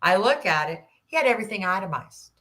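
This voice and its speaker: A woman in her sixties, a podcast guest, telling a personal story in an animated way and acting out the dialogue. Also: medium pitch, fast talker. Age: 60s. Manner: animated, acts out quoted dialogue, rambling restarts.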